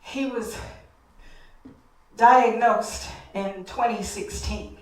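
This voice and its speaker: A woman's voice: mid-range voice, extremely slow. A woman telling a heartfelt personal story on a live stage, speaking directly to the audience. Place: stage in a hall. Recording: echoey hall, distant mic.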